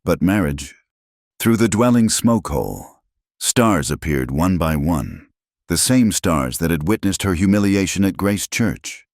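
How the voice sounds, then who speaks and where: A man reading a frontier romance story aloud in a measured, dramatic narrating voice. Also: low-pitched, expressive, no room sound, clean studio sound.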